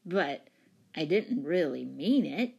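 A woman's voice: medium pitch, animated, measured pace. A woman reading a storybook, voicing a cheeky younger brother who teases and retorts. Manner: teasing, retorting.

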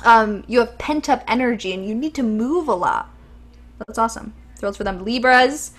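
A woman's voice: a little high, lively intonation, normal speed, a bit bright. A young woman co-hosting a podcast, chatting casually and enthusiastically with frequent ums. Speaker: podcast co-host. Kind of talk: casual chat.

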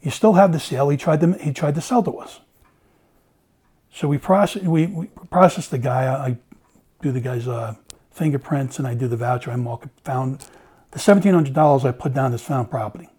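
A man's voice: mid-range voice, a little fast, dark tone, breathy edge. A middle-aged man, a former police officer, telling a story in casual conversation, acting out the dialogue and swearing freely.

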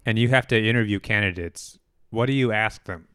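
Low smooth-voiced guy teasing his cohost, dry mic. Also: a little fast, bright, forceful tone, no echo. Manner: wry, laughing, teasing. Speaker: podcast co-host. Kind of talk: casual comedic chat.

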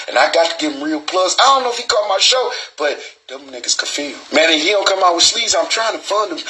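Male host, casual profane monologue, bright piercing voice. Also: sits high, rough recording. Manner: rambling, profane street slang. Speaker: show host. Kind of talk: casual live-stream monologue.

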